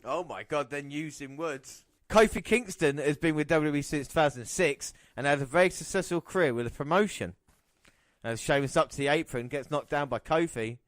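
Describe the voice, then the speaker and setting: A man's voice: a little high, normal speed, no echo, clean studio sound. A man hosting a podcast, chatting casually and calling match action play by play. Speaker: podcast host. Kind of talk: casual wrestling podcast commentary.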